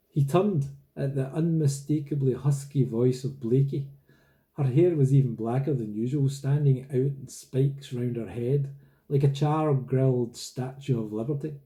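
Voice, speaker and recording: Male reader, very dark mellow tone, steady storytelling of a novel. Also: medium pitch, unhurried. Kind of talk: reading a novel aloud.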